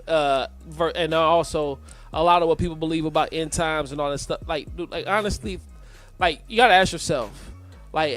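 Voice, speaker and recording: A radio co-host with a high voice chats casually, mostly nodding along with quick affirmations. When he gives advice he stumbles and restarts his sentences. Faint music plays underneath. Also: a bit bright. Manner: frequent short affirmations, hesitant restarts. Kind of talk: casual chat with short reactions and advice.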